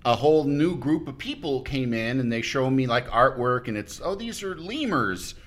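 A man's voice: medium pitch, animated, moderate pace. A man on a podcast as a guest, chatting casually and telling a rambling anecdote, often breaking off mid-sentence and acting out what people said. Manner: rambling, self-interrupting storyteller who acts out quotes.

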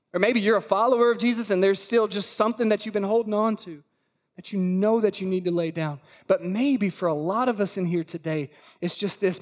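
A man preaching a sermon as pastor at a church service, emphatic and repetitive, full of rhetorical questions. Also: high voice.

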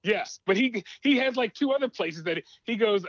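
A man's voice: high voice, brisk, no echo, dull audio. A man telling a rambling story in a casual radio chat, with many restarts. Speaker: show regular.

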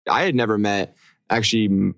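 Man, young adult, low pitch, dry recording, casual rambling podcast talk. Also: brisk, gravelly, a bit bright, no room sound. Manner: laid-back, rambling with many fillers. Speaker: podcast co-host. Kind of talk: casual chat.

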